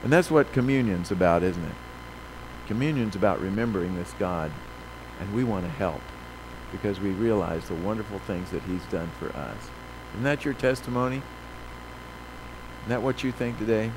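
A man preaching a sermon, reading scripture slowly and with emphasis, then telling folksy stories with many fillers. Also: fairly low pitch, background noise. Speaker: pastor.

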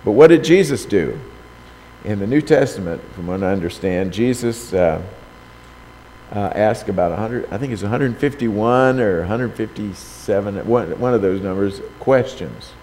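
A man's voice: lowish voice, lively intonation, moderate pace, a little mellow. A man preaching a sermon who reads scripture aloud, raises his voice for quoted lines, and keeps asking the listener rhetorical questions. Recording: long hall reverb, faint background noise.

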